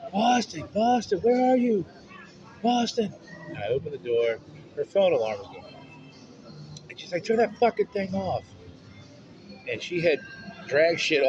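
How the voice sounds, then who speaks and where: Blunt, foul-mouthed man telling a story. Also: medium pitch. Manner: frank, profanity-laced. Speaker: vlogger. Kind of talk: casual storytelling. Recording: muffled, noisy street sound.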